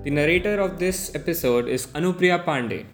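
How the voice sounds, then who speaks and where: Man, podcast host, formal scripted intro, announcing, higher voice. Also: fairly quick. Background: soft music.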